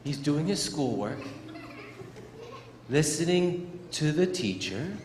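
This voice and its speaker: A man with a slightly high, sing-song, somewhat mellow voice speaks slowly as he gives a playful motivational talk to schoolchildren. In an animated assembly in a school gym or auditorium, he acts out little scenes; the echoey hall carries faint crowd noise.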